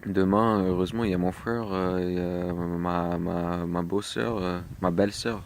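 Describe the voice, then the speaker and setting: A French man talking in a casual video diary in English with a French accent, halting with many fillers and slipping into French. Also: sits low, steady tone, slight background noise. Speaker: vlogger.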